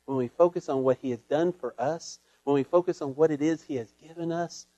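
A man preaching a sermon in an earnest way, often repeating words as he searches for them, and moving between raised lines and hushed ones. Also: a little high, brisk, dry recording, lo-fi sound.

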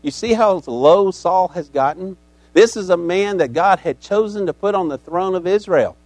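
A man's voice: sits high, normal speed, a little mellow, no room sound. A man preaching a sermon as a pastor, telling the story dramatically and acting out its characters.

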